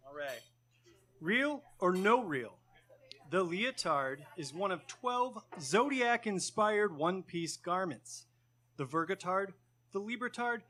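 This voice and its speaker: A man co-hosting a live pub quiz runs a buzzer round and lays out the rules briskly. His voice sits high and sounds bright. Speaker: co-host of quiz. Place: pub stage with live audience.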